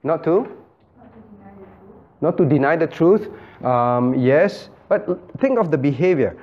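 A man's voice: a little high, lively intonation, takes it slowly. Questioning male pastor, lo-fi recording. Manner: questioning, calls on listeners by name, emphatic. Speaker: pastor leading a Bible study. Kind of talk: interactive Bible study teaching. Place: church room.

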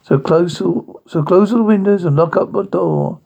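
Brief: man doing a fussy, proper storybook pig, higher, husky. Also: wildly swooping pitch, moderate pace, mellow, dull audio, full character voice. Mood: prim. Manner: prim, fussy, rhyming. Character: prim, put-upon smart male pig.

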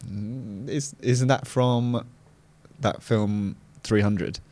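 A man who is a guest on a podcast, easygoing in casual chat and quick to laugh. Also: lowish voice, darkish tone.

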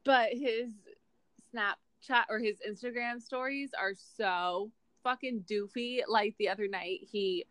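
A woman's voice: on the high side, unhurried, no room sound. A young woman in her twenties co-hosting a casual chat podcast, telling stories with lots of laughs and swearing. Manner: laughing, swearing, animated storytelling. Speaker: podcast co-host.

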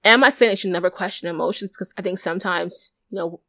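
A woman's voice: lowish voice, quick pace, pushed and bright, no echo. A young adult woman hosting a solo podcast, talking candidly and earnestly, often repeating and restarting her phrases as she thinks aloud. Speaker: podcast host. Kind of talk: solo reflective podcast monologue.

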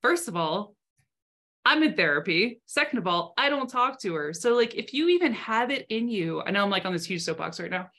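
A young adult woman co-hosting a podcast, telling animated stories in casual chat and swearing freely. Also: medium pitch, brisk. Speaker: podcast co-host.

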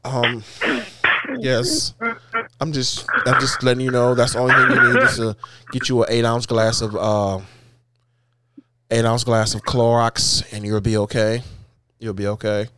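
A man's voice: mid-range voice, level tone, a little slow, sharp tone, clear, resonant tone. A man doing a rambling, boastful impression of a president, spouting absurd claims in podcast banter.

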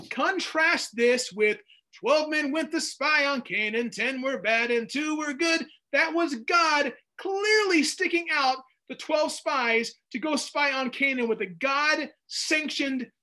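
Leading a Bible study with an extremely high-pitched voice, this man keeps things casual and animated. He reads passages of scripture aloud, interrupting himself with jokey asides.

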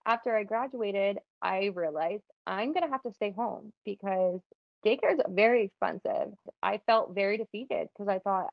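A woman's voice: mid-range voice, normal speed, vocal fry, dry recording, dull audio. A young woman telling her personal faith testimony in a casual, earnest way, often saying "like". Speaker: guest sharing testimony.

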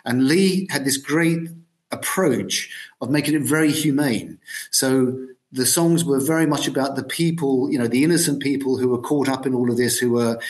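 A man's voice: mid-range voice, normal speed. Man musing in an interview. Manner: thoughtful, hesitant with many ums. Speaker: guitarist and producer, guest. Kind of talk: podcast interview.

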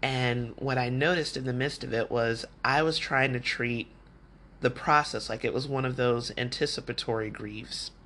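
A podcast host with a mid-range, steady voice talks at a normal speed, his tone sharp. He gives advice in a candid, chatty style, often acting out the remarks people made to him.

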